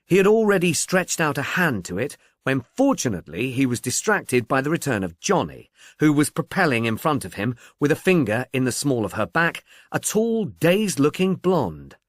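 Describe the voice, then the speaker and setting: A man reading a novel aloud in a wry, measured storytelling voice. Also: medium pitch, very animated, dry recording, studio quality. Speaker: audiobook narrator. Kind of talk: scripted narration.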